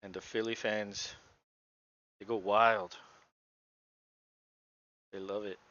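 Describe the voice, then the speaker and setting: A man's voice: on the low side, level tone, slow pace, bright, forceful tone, no echo, muffled recording. A man co-hosting a casual play-by-play show, talking through the game with sarcastic asides. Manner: laid-back, sarcastic asides. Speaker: podcast co-host.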